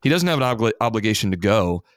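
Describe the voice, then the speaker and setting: A man, a pastor, hosting a discussion and telling lively anecdotes from church life. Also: on the low side, fast, no room sound, studio quality. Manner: friendly, animated when acting out anecdotes. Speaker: pastor and podcast host. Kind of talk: hosted discussion.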